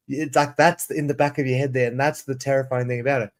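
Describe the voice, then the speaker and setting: A man's voice: medium pitch, fairly even intonation, brisk, hardly any pauses. A man in his thirties, an English teacher chatting casually on a livestream, rambling and restarting sentences as he reads prompts aloud. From South Africa. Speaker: ESL teacher and streamer.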